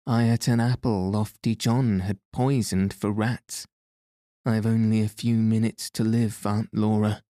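A man's voice: fairly low pitch, level tone, a little slow, warm tone, no echo, studio quality, lightly acted. A man reading as a solemn, dramatic little girl. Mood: earnest. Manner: solemn, earnest delivery.

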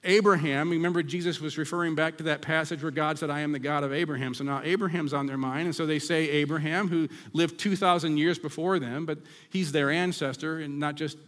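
A man's voice: a little high, steady tone, a bit bright. Preaching man in a reverberant hall. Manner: dramatic scripture reading with emphatic slowdowns. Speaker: pastor. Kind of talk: sermon.

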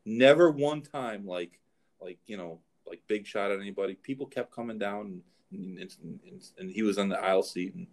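A man's voice: on the low side, normal speed, a little mellow. A middle-aged man, a show host and horse trainer, telling rambling anecdotes in casual chat. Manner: rambling anecdotes, frequent restarts.

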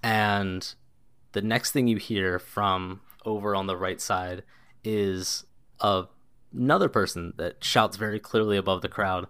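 A man's voice: fairly low pitch, fairly even intonation, measured pace, a bit bright, clear, resonant tone. A man narrating as game master of a tabletop game, in a loose, descriptive way with lots of casual filler words.

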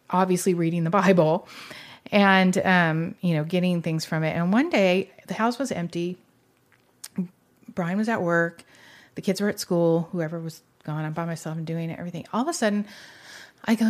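A middle-aged woman telling her conversion story in a conversational way, emotional and rambling, with many restarts and "you know"s. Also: mid-range voice. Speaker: guest sharing her faith story. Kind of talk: conversational testimony.

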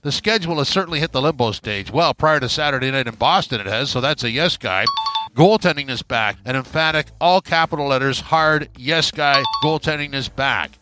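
A man hosting a sports podcast, giving emphatic, punchy verdicts in a casual way. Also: medium pitch. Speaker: podcast host.

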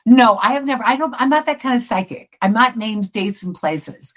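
A woman's voice: fairly high pitch, moderate pace, rough recording. Chatty middle-aged woman psychic. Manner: chatty, self-interrupting, restarts sentences. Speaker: psychic guest. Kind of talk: casual interview chat.

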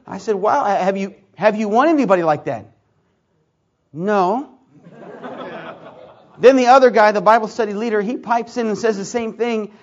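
A man with a high voice preaches a story and acts out each person's lines with lively energy. The recording sounds muffled and lo-fi. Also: normal speed, pauses often. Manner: animated storyteller acting out dialogue. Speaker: pastor. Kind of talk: sermon storytelling.

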